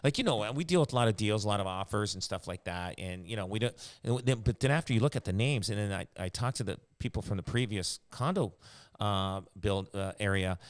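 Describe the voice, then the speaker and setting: A man's voice: fairly low pitch, brisk. A man chatting casually as a podcast host, rambling with lots of fillers and restarts. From Canada. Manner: rambling, many fillers and restarts, laughs often. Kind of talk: casual chat.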